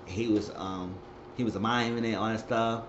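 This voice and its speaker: Retelling scenes from a TV episode with lots of exclamations, this recapper uses loose, slangy language. His voice is fairly low with fairly even intonation and a moderate pace, captured in a roomy, dull recording with a faint hiss.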